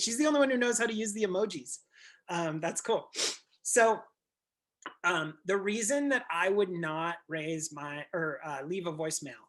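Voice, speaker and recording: Blunt, animated male coach on a call. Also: high-pitched. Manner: blunt, animated, acts out scenes and swears. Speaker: real estate coach. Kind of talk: group coaching session.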